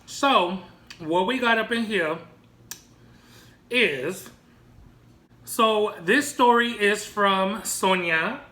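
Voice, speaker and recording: A woman's voice: mid-range voice, extremely slow, pauses often, bright, forceful tone. A woman vlogger chatting casually and laughing easily while she eats and reads viewer stories. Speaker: mukbang vlogger. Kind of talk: casual chat while eating.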